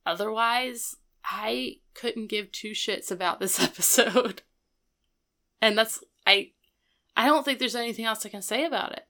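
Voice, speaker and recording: A woman's voice: on the high side, a little slow, sharp tone. A woman co-hosting a casual chat, recapping a TV episode and giving blunt, offhand opinions. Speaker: podcast co-host.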